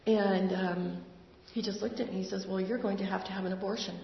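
An older woman tells her personal faith story in an earnest, conversational way, pausing often. Her voice has a gravelly edge. The recording is dull and lo-fi, with the long reverb of a large hall. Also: mid-range voice, steady tone. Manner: conversational, earnest, with pauses and fillers. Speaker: speaker sharing testimony. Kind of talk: personal testimony. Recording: roomy hall, dull lo-fi sound.

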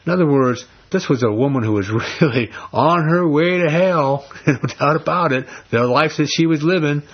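A man's voice: fairly high pitch, normal speed, slightly rough, lo-fi sound. A man preaching a sermon, blunt and emphatic, with casual slang mixed in. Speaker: pastor.

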